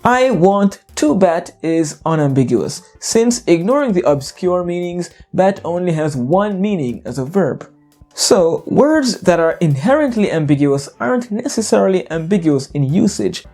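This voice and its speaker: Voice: medium pitch, big pitch swings, normal speed, mellow, soft background music. An English teacher giving an educational narration, explaining playfully with jokes and wordplay.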